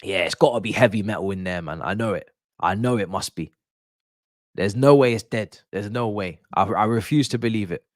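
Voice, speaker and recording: A young man, doing excited, slangy live commentary for a football watch-along stream, repeating himself as he reacts. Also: lowish voice, a little fast, dry recording, studio quality.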